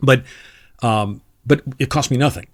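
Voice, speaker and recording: A man's voice: medium pitch, a little slow. A middle-aged man, a retired Army officer, telling stories in a casual interview and acting out the lines of the people in them. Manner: animated storyteller who acts out quoted dialogue. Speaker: retired Army Special Forces officer, guest.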